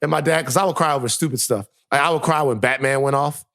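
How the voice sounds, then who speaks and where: A man's voice: mid-range voice, fast, vocal fry, a bit bright. A man co-hosting a podcast, telling a playful story and acting out quoted lines. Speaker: podcast co-host. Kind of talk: podcast conversation.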